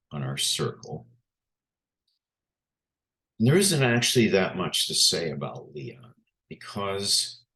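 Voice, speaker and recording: A man giving an unhurried presentation with pictures, often pausing on filler sounds. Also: a bass voice, a bit bright.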